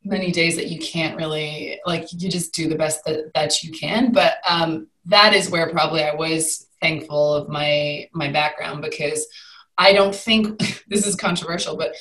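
A young adult woman, a guest in a conversational interview, speaking candidly and telling her story with lively swings in pitch. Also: moderate pace, echoey room, low-quality recording.

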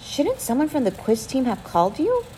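A woman reading the lines of a firm, caring family friend in a story, forceful yet gentle. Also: sits high, wildly swooping pitch, normal speed, a little hiss or hum, pitched above the performer's own voice. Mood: indignant. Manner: forceful, indignant, then gentle.

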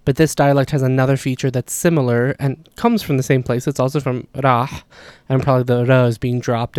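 A man's voice: medium pitch, smooth, no room sound. Chatty man explaining language points. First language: not Arabic. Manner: relaxed, chatty, frequent "like" and "you know" asides. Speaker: language teacher. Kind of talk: casual explanatory lesson.

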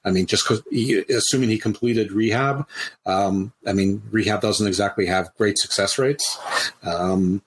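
A man's voice: lowish voice, fairly even intonation, moderate pace, slightly rough. A man co-hosting a wrestling podcast in casual chat, with dry, wry asides. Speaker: podcast co-host.

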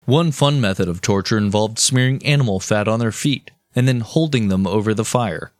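A man's voice: on the low side, normal speed, dry recording, clean studio sound. A man hosting a casual podcast, telling history in a profane, jokey way. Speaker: podcast host.

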